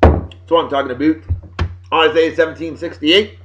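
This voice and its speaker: A man reads off the day's history and throws in blunt, jokey opinions. His voice sits a little high for a man. The recording is dull and lo-fi, like a cheap home setup. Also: steady tone, a little fast, slight background noise. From Massachusetts. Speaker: video blogger. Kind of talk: casual daily history rundown.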